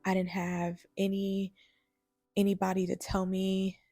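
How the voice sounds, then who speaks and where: A young woman vlogger chatting casually about a trip, talking in a lively way with lots of fillers. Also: medium pitch, a little slow, dry recording, studio quality, faint music behind. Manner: chatty, animated, many "like"s. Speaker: travel vlogger. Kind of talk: casual storytelling vlog.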